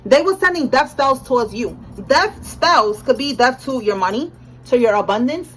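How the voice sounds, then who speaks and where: A young woman with a high voice talks through a tarot reading in a loose, slangy way. She keeps checking in with "all right?" and laughs often as she goes. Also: expressive, moderate pace, faint music behind, rough recording. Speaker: tarot reader. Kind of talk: casual tarot reading monologue.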